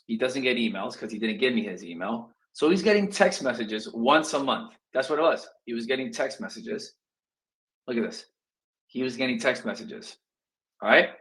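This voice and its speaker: A man coaching real estate students in a casual talk, acting out phone calls in quick asides. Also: medium pitch, lively intonation, a bit bright, low-quality recording.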